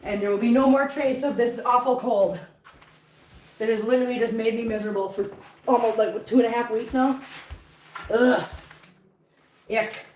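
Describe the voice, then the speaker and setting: A woman's voice: a little high, steady tone, moderate pace, long pauses, darkish tone, a little hiss or hum. A woman with a lingering cough from a cold, chatting casually while she cleans up after her cats and baby-talking to them. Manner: baby talk to cats, giggly. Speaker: cat vlogger. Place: home with cats. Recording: echoey room, voice from a distance.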